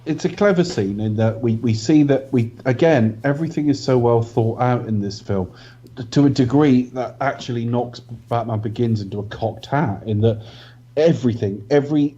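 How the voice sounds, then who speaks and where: A man co-hosting a film review podcast, talking in a measured, analytical way. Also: medium pitch, dark tone, husky. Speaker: podcast co-host. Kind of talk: casual film review chat. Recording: dull lo-fi audio.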